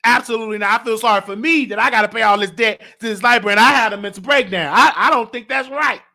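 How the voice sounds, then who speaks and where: A male talk show host ranting emotionally and in an animated way, sometimes shouting and close to tears. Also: sits high, fast talker. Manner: animated, fired-up, at times shouting and near tears.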